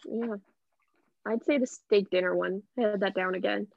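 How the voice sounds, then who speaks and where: Young woman rambling on a movie podcast, lots of "like", creaky voice, dull dry sound. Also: medium pitch, fairly even intonation, moderate pace, no room sound. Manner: rambling, heavy use of "like". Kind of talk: casual movie podcast chat.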